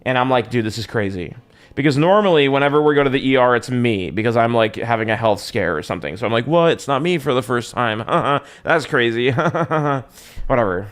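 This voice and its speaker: A man's voice: medium pitch, a little fast. A young man livestreaming, telling a rambling, profane story to his chat in a casual, slangy way with lots of restarts.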